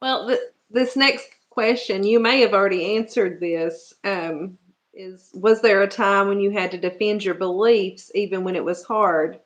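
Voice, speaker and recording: A woman hosting a live interview, offering soft listening cues and reading out her questions. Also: mid-range voice, fairly even intonation, a little slow. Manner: gentle short listening cues, reads questions. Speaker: interview host.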